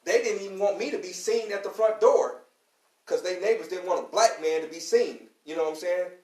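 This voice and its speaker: Brisk and high-voiced, with a darkish tone, this Louisville, Kentucky man teaches a class on the radio through a slangy, fiery preaching lecture in street talk. "You know what I'm saying" comes up again and again. The audio is rough and roomy.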